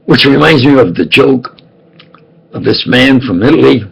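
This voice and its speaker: A man's voice: medium pitch, lively intonation, moderate pace, creaky, slightly rough, rough recording. An older man telling rambling, jokey personal stories and often asking if you understand. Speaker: self-styled preacher.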